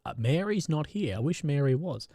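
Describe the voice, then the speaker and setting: A man's voice: a little high, expressive, normal speed, mellow, dry recording, studio quality. A man, hosting a live stream and giving loose, conversational commentary while reading viewer chat, often swearing and restarting his sentences. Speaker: independent reporter and live-stream host.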